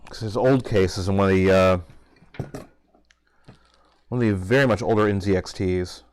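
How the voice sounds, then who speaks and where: A man with a fairly low voice murmurs to himself as he builds a computer, musing aloud in loose, casual self-talk. Faint clicks of parts sound behind him. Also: moderate pace. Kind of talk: casual muttering while working.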